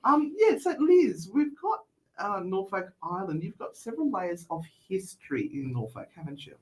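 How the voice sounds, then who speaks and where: A woman's voice: medium pitch, big pitch swings, moderate pace, poor audio. Chatty woman host. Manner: chatty, rambling, laughing. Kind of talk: live show hosting.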